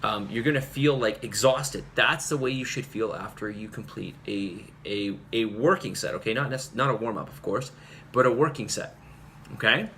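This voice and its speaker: A man's voice: on the low side, normal speed, pushed and bright, a little hiss or hum. A male fitness coach giving an earnest, rambling talk to his group, full of fillers and restarts. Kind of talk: casual talk to camera.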